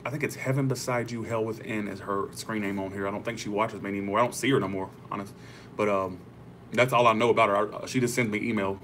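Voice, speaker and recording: A man's voice: on the low side, fairly even intonation, fast, fairly bright tone, slight background noise. A young man hosting a tarot livestream, chatting casually with viewers, rambling and swearing freely.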